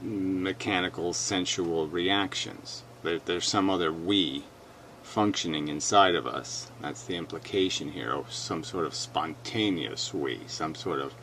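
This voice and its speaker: A man's voice: low voice, measured pace, hardly any pauses, fairly bright tone, a little hiss or hum. A man hosting a video reaction, talking bluntly and emphatically as he argues his point. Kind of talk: argumentative commentary.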